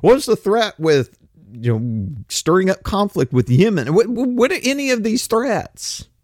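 A man's voice: high voice, very animated, unhurried, a little mellow, no echo, clean studio sound. A man in his fifties delivering a blunt, opinionated monologue, ranting and swearing casually. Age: 50s.

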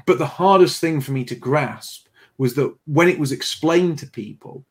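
A man's voice: a little high, moderate pace. Chatty man hosting a livestream. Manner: chatty and conversational, tells stories, thanks viewers. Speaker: livestream host reading viewer donations. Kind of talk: casual livestream chat.

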